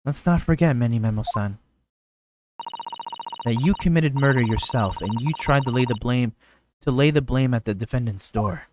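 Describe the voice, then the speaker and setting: A man's voice: medium pitch, normal speed, pauses often, noisy background, lightly acted. A man reading as a probing courtroom questioner. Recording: background game music.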